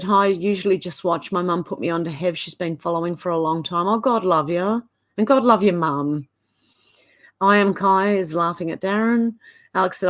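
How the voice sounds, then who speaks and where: A woman with an Australian accent, hosting a livestream and reading viewers' comments aloud, with short reactions in between. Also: fairly low pitch. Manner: reads each comment, then reacts briefly. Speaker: livestream host.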